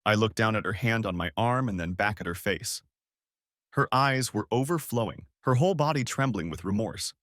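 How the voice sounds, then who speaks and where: Low-voiced man narrating a story. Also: dry recording, studio quality. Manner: measured, calm storytelling. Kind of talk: scripted first-person narration.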